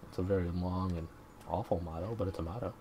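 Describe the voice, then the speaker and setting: A man's voice: deep voice, fairly even intonation, fast, mellow, slight background noise. A man hosting a let's play, rambling through self-mocking jokes while game music plays.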